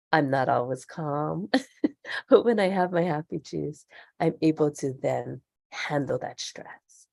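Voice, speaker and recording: A middle-aged woman talks openly as a podcast guest, earnest and reflective. Her low voice is thick with gravelly fry and a husky, breathy edge. The sound is close and dry, with no room around it. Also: a little mellow, no room sound. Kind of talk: candid interview conversation.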